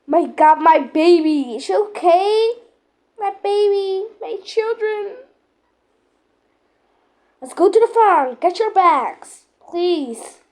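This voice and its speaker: A woman narrating and voicing a playful game role-play in an excitable, dramatic way, full of exclamations. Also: very high-pitched, slow, pauses often.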